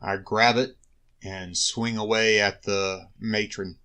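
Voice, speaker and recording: Low-voiced man playing a tabletop game. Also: flat delivery, slow pace, sharp tone. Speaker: player. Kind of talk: casual tabletop play.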